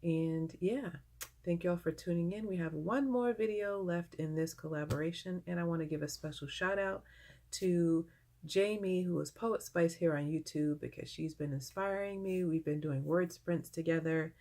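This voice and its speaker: A woman talks to her viewers in a casual vlog. Her voice sits low with a gravelly edge. She gushes and grows emotional as she shares her work. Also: moderate pace, dark tone. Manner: gushing, emotional. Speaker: vlogger.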